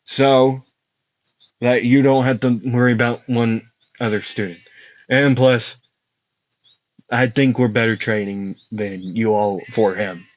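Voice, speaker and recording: A man voicing a confident male samurai swordsman, talking in halting, filler-heavy bursts. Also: medium pitch, fairly even intonation, dry recording, natural voice. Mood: breezy reassurance. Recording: dull lo-fi dry recording.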